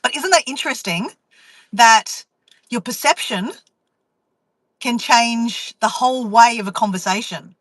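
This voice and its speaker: A woman vlogger, telling a story to her live chat in a chatty, animated way and acting out inner voices. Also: on the high side, unhurried, pauses often, dry recording, poor audio.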